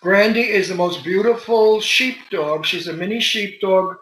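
Older man, animated storyteller, high bright voice, bawdy humor, roomy echo. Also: unhurried. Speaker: guest. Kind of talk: casual interview chat. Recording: echoey room.

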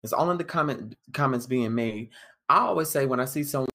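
A man as an interview guest, giving measured, plainspoken answers that he lays out point by point. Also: medium pitch, sharp tone. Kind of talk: casual interview chat.

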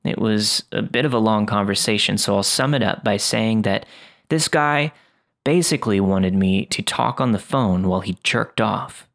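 A man reading first-person horror stories aloud in a steady, scripted narration. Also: lowish voice, moderate pace, vocal fry.

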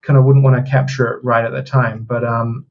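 A man's voice: mid-range voice, level tone, brisk, lo-fi sound, slight background noise. A man game developer explaining technical work in a casual interview, with restarts.

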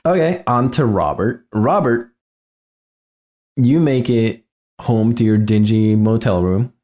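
A man narrating as game master of a tabletop game in a relaxed, easygoing way. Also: lowish voice, slow.

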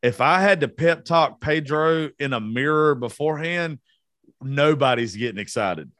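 A man's voice: on the high side, animated, moderate pace, fairly bright tone. A young man from South Georgia with a Southern accent, hosting a casual, unedited podcast, profane and self-mocking. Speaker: podcast host.

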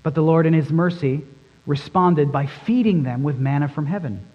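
A man's voice: a little high, normal speed, highs cut off. A man preaching a sermon as pastor, emphatic and fond of repeating phrases for stress. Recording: long reverb in a large hall.

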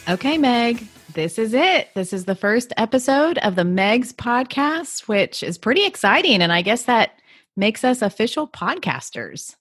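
A woman's voice: on the high side, big pitch swings, unhurried, fairly bright tone, slightly rough, no room sound, studio quality. A woman co-hosting a podcast in casual, upbeat chat, laughing easily and talking about her kids. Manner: upbeat, easygoing, laughs often. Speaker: podcast co-host; mother.

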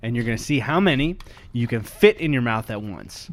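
A man's voice: mid-range voice, expressive, brisk. A young man co-hosting a podcast who laughs often and narrates the action play by play. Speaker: podcast co-host. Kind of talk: casual chat.

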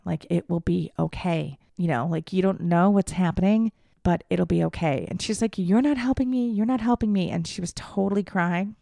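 A woman's voice: lowish voice, gravelly, dark tone, no echo, studio quality. A young adult woman hosting a podcast, telling a personal story candidly, swearing freely and acting out what people said. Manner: candid, swears freely, acts out quoted voices. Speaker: podcast host.

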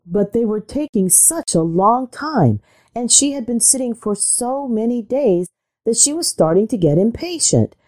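A woman narrating a storybook, gentle and expressive. Her pitch moves in lively swings, and her tone is soft and mellow. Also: measured pace. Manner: gentle, expressive read-aloud. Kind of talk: storybook reading.

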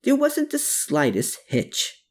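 A man's voice: extremely high pitch, huge pitch swings, takes it slowly, a little mellow, voice pushed up, heavily acted. A narrator voicing a cheerful, roguish male dealer in an audiobook, jovial and theatrical. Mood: jovial, boastful. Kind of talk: audiobook character voice.

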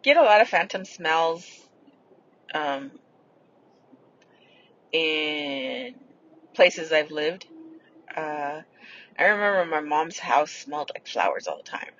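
A woman's voice: low voice, lively intonation, slow, pauses often, a bit bright, highs cut off, a little hiss or hum. Rambling, foul-mouthed woman telling stories. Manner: rambling, swears freely. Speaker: podcast host. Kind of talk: casual storytelling.

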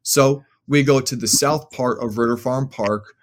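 A man's voice: medium pitch, measured pace, slight background noise. A young adult man, a podcast guest telling a story casually, rambling with many fillers.

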